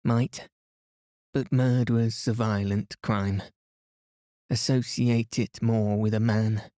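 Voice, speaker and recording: A man voicing a brisk, blunt middle-aged Englishwoman who talks in clipped phrases. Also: fairly low pitch, little pitch movement, mellow, no room sound, studio quality.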